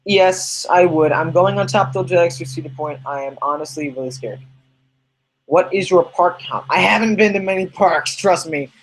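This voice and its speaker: A man with a slightly raised pitch hosts a loose, unscripted livestream podcast. He rambles in a chatty way and answers viewers' questions as they come in, over a faint background hiss. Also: moderate pace, poor audio. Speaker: podcast host reading live chat. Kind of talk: casual livestream chat.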